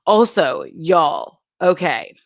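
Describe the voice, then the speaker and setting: A woman's voice: on the low side, expressive, slow, no echo, dull audio. A woman chatting casually with her viewers on a live stream, rambling and giggling between thoughts. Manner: giggly, rambling, lots of fillers. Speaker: YouTuber chatting with live chat.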